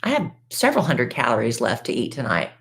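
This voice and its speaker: A woman's voice: very deep voice, huge pitch swings, fast. A woman co-hosting a podcast, chatting casually in a folksy way and calling people "honey" and "y'all.". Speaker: podcast co-host. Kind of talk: casual chat.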